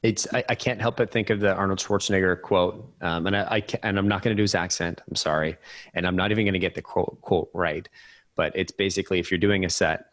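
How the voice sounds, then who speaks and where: Male podcast co-host, very low voice, dry close sound, relaxed and chatty. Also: fast talker, no room sound. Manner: relaxed, conversational, self-deprecating. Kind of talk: casual podcast conversation.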